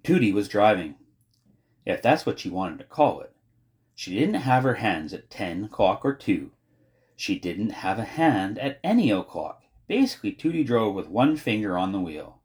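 Wry male storybook narrator, low voice with a lively, animated pitch. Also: normal speed. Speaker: audiobook narrator.

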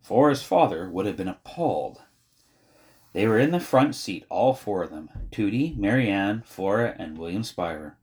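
Man, audiobook narration, storybook, expressive, wry, lower voice, lively pitch. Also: normal speed.

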